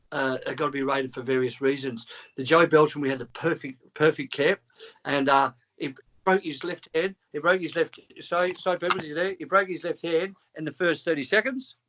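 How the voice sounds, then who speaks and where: A man, a former trainer calling in, telling a long story with lots of swearing and acted-out dialogue. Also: a little high. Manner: animated, swearing, acts out dialogue. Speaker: former trainer, guest caller. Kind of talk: storytelling on a call.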